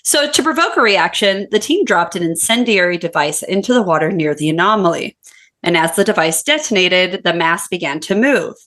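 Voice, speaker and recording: A woman with a fairly low voice co-hosts a podcast. She mixes profane, laughing banter with stretches where she reads her research notes aloud. It is a relaxed, casual chat. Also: normal speed. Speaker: podcast co-host.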